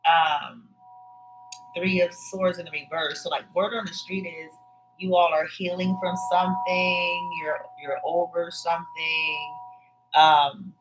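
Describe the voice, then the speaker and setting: A woman with a low voice gives a loose, casual tarot reading, wandering from card to card with lots of fillers and restarts. Music plays clearly behind her. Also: steady tone, measured pace, poor audio. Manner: rambling, with many fillers and restarts. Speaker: tarot reader.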